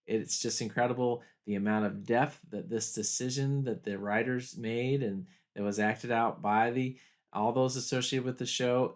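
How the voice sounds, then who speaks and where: A pastor talking through a TV episode in a video study guide, earnest and reflective, slowing down to weigh key moments. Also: male voice, medium pitch. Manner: earnest, reflective, slows down for quoted lines.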